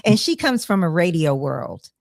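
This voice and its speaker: Low-voiced woman hosting over a video call. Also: very animated, unhurried, creaky, darkish tone, no echo, clean studio sound. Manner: rambling, with many fillers and self-corrections. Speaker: podcast host. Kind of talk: casual conversation.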